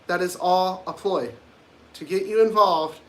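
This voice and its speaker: A man's voice: high-pitched, unhurried. A man hosting his own livestream, talking casually in a blunt, rambling and provocative way. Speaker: livestream host.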